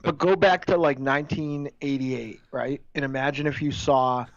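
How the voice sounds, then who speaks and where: A man's voice: mid-range voice, steady tone, moderate pace, no echo, highs cut off. A man co-hosting a casual podcast chat who swears often and argues his point hard. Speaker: podcast co-host.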